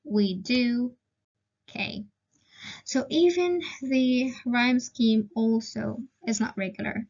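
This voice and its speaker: Slow, patient woman teaching a poem. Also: fairly high pitch, gravelly, a little mellow. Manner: slow and patient, often asks "okay?" and says "um". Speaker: teacher presenting a poem analysis. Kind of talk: recorded lesson, explaining a poem. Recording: dull lo-fi sound.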